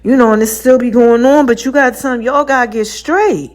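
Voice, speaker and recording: High-voiced woman podcast host, animated. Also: brisk. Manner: animated storytelling, often breaks into laughter; conversational slang-heavy delivery, addresses listeners directly. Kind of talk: casual faith talk monologue.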